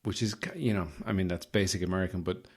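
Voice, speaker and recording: Field: low-voiced man, rambling comic host. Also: steady tone, fast, darkish tone, slightly rough. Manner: rambling, self-mocking, joking asides. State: slightly rough from waking. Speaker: podcast host. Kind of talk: improvised comic monologue.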